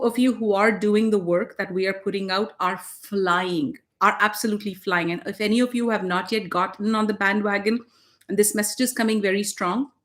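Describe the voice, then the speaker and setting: A woman spiritual teacher co-hosting a casual talk, emphatic and blunt, swearing freely. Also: mid-range voice.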